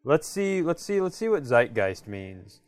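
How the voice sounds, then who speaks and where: A man's voice: fairly high pitch, big pitch swings, measured pace. A man co-hosting a podcast in casual chat, musing aloud and searching for the right words as he goes. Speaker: podcast co-host.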